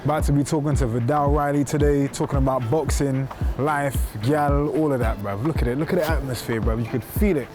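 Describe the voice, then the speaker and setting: A man's voice: medium pitch, fairly quick, few pauses, over music. Joking man. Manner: slangy, joking banter. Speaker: host. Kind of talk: casual vlog chat.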